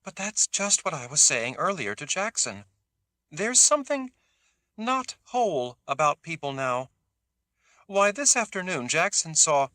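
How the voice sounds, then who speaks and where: Male narrator putting on a soft-spoken, nervous young woman, eager and shrinking. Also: sits low, big pitch swings, unhurried, dry recording, studio quality, pitched above the performer's own voice, heavily acted. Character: timid, anxious young woman.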